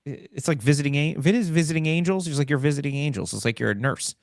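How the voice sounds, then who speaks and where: A male host of a casual political talk show, jokey and animated, who keeps slipping into mock voices. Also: on the high side, rapid-fire, no room sound, clean studio sound.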